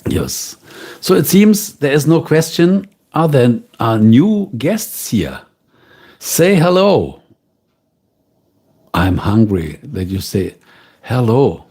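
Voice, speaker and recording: Slow-talking German man streaming. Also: medium pitch, husky. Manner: relaxed, unhurried, talks directly to chat. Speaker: livestream host. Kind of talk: casual chat with viewers.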